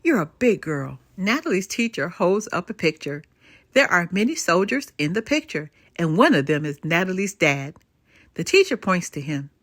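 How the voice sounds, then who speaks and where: Oudere vrouw die levendig voorleest. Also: female voice, fairly low pitch, normal speed, dry recording, studio quality. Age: older. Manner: expressive, lilting. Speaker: storyteller. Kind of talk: bedtime story read-aloud.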